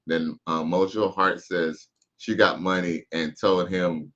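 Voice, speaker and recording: A man's voice: low-pitched, fairly even intonation, measured pace, few pauses, a bit bright, highs cut off. A man casually commenting on a live stream, reading chat comments aloud in laid-back slang.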